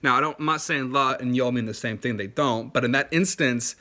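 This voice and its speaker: A man's voice: medium pitch, brisk, bright, forceful tone. A young man chatting casually to camera about learning languages, in a loose, rambling way with many fillers and restarts. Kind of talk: casual explanatory talk to camera.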